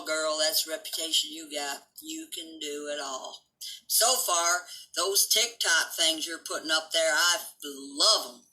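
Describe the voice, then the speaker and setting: A woman's voice: lowish voice, sharp tone, low-quality recording. Blunt, profane older woman ranting. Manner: coos baby talk at her dog. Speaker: live-stream host. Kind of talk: casual live-stream rant.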